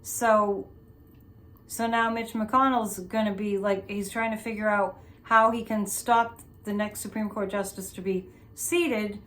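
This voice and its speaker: A woman's voice: medium pitch, fairly even intonation, a little slow, fairly bright tone. A woman hosting a psychic show, chatting loosely through a tarot reading with many restarts and asides. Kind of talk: casual tarot reading commentary.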